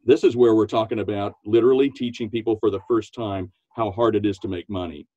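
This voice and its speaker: Animated man with a mellow, lo-fi sound. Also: quick pace, no room sound. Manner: animated, laughs often, acts out quotes in a high voice. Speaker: podcast guest, business coach. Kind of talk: enthusiastic interview talk.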